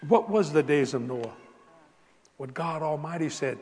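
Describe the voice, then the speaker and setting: An older man from South Louisiana with a Cajun accent, preaching a folksy storytelling sermon, animated and laughing as he tells stories. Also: fairly high pitch, measured pace, big-room sound. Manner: animated, laughing, Southern drawl, rising to exclamations.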